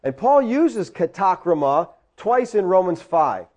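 High-voiced man preaching with emphatic questions. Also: big pitch swings, measured pace, a little mellow. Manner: emphatic, rhetorical questions, explains Greek words. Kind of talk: teaching sermon.

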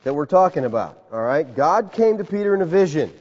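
Guy preaching a sermon, lively pitch swings, chatty, long echo in the hall. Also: fairly quick. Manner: animated, conversational preaching, addresses listeners as folks. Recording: reverberant hall, slightly dull sound.

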